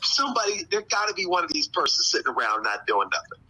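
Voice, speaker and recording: Animated man telling a story, bright voice. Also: quick pace, slightly rough, poor audio. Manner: animated, laughs often, breaks into high squeals. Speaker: podcast guest. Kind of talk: casual storytelling.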